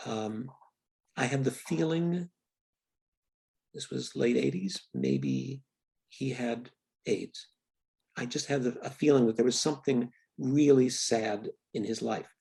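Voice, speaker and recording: An older man, a film writer and director, speaks at medium pitch with vocal fry and a breathy edge. In an interview he shares candid stories reflectively, often restarting his sentences and letting them trail off into quiet pauses.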